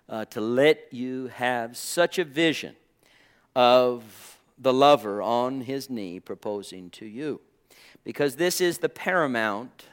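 A man's voice: mid-range voice, a bit bright. A man preaching a sermon as pastor to a gathered congregation, fervent and drawn out, with frequent praise interjections. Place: church gathering.

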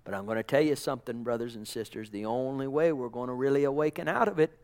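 A man preaching a sermon with passion, calling out amens and praise to the congregation, dropping to a hush and then rising to loud exclamations. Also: mid-range voice, fast, few pauses. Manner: impassioned, swings from hushed murmurs to loud exclamations; calls out amen and praise God to the congregation.

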